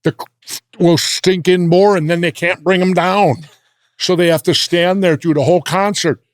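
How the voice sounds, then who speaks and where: An older American man telling blunt, gruff stories in a sit-down interview. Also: sits high, fairly even intonation, moderate pace, no echo. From United States. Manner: gruff, blunt anecdotal storytelling. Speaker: interview guest. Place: indoor interview set.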